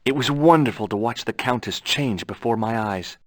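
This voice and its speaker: A man's voice: medium pitch, normal speed, lightly acted. An actor voicing a curious young adventurer in a video game, asking questions in a casual, dry way and narrating his story.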